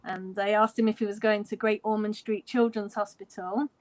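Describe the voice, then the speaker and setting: At medium pitch and normal speed, an Englishwoman from London in her forties, there as a fan guest, shares a story via video call. She's casual and animated, repeating dialogue and laughing frequently.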